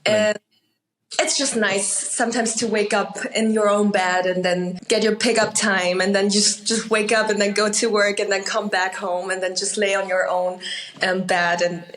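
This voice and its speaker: A woman's voice: medium pitch, flat delivery, moderate pace, a bit bright, rough recording. A woman with a German accent, a native German speaker, chatting as an actor guest in an interview, laughing often between fillers. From Austria. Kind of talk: casual interview chat.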